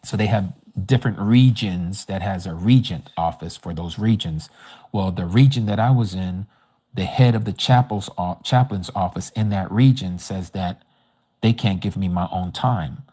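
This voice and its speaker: Man, deep voice, warm tone, testimony, animated storytelling, acts out dialogue. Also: moderate pace, breathy edge. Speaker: Bible study teacher. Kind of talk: personal testimony at a religious study livestream. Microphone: livestream microphone.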